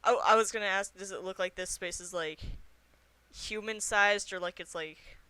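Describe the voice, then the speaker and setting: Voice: medium pitch, normal speed, sharp tone, clean tone, dry recording. A player at a tabletop game talking casually, full of "like" and "um". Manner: casual, filler-heavy, says like a lot.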